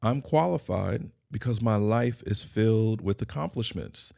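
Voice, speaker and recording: A man's voice: on the low side, expressive, measured pace, creaky, mellow, no room sound, clean studio sound. A middle-aged man hosting his own podcast, delivering a scripted motivational monologue in emphatic, repeated declarations. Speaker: podcast host and consultant.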